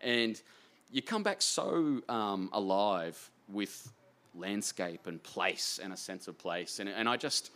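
Excitable rambling Australian man. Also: fairly low pitch, takes it slowly. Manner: excitable, rambling, self-deprecating. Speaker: author guest. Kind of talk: casual interview chat.

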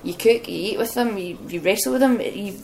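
A young woman, a wrestler, telling lively stories as an interview guest and laughing often. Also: mid-range voice, fairly quick, gravelly, slight background noise, low-quality recording. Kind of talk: casual anecdotal storytelling.

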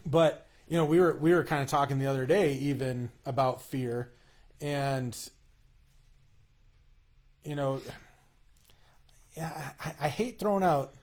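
A man in a casual, earnest conversation about faith, talking in halting bursts with frequent restarts. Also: mid-range voice, a little mellow.

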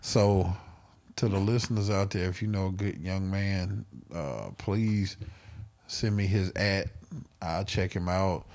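A man's voice: low-pitched, takes it slowly. A man hosting a podcast, telling stories in casual, profane banter and laughing often. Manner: animated, laughing, profane storytelling. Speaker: podcast host.

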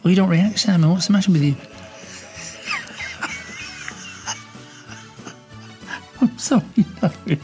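A man's voice: high voice, fast, darkish tone, soft background music, pitched above the performer's own voice. A man voicing an elderly woman caller who lives alone, chatting and giggling in a comic phone-in sketch. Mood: giggly. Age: older.

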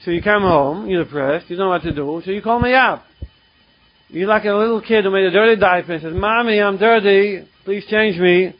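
A man voicing his blunt, strict male sponsor, scolding slowly and emphatically in a dull lo-fi recording. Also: sits high, close to an everyday voice. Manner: stern, scolding, slow and emphatic.

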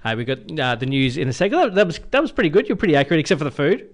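An Australian man hosting a casual radio show. His voice sits a little high and moves around a lot in pitch. He talks in an easygoing, earnest way and keeps the segments moving. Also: very animated, racing. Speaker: radio host. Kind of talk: casual radio chat and links.

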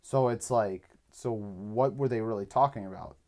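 A man's voice: on the low side, moderate pace, warm tone. A man co-hosting a casual podcast chat, reading facts aloud from his phone and laughing easily. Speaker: podcast co-host.

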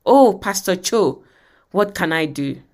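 A woman's voice: on the low side, animated, slow, darkish tone. Woman reading as a distraught middle-aged mother. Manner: read aloud with rising emphasis.

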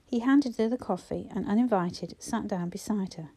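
A woman narrates a novel in scripted storytelling, her delivery steady and expressive. The voice is warm and mellow, with a mid-range pitch. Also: normal speed, slightly rough. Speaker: audiobook narrator.

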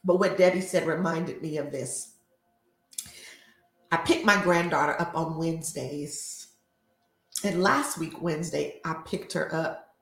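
A woman's voice: low voice, measured pace, long pauses, a bit bright. An older woman hosting a faith talk show, preaching and telling stories in a conversational way. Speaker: host and life coach. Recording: roomy echo.

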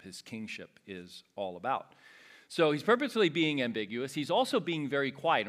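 A man's voice: on the low side, fairly bright tone. A man teaching a Bible passage verse by verse in an explanatory way, often restarting and adding asides.

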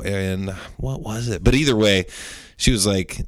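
Deep-voiced young man co-hosting a podcast. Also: no echo, clean studio sound. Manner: laughs often, tells stories with quick asides. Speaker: podcast co-host. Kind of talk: casual chat.

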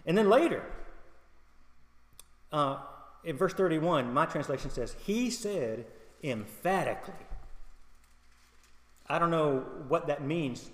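A man's voice: on the high side, measured pace, pauses often. Man preaching in an echoey hall. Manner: conversational and humorous, with personal stories and asides to the congregation. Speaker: pastor. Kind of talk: sermon.

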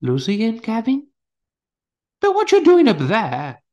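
A man's voice: on the high side, expressive, normal speed, darkish tone, lo-fi sound, pitched above the performer's own voice. A man voicing a fussy, nervous British doctor who complains childishly and speaks with a trembling voice.

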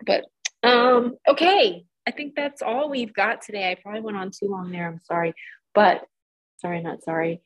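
A woman co-hosting a podcast, telling a rambling, animated story in casual chat. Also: mid-range voice, moderate pace, highs cut off. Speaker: podcast co-host.

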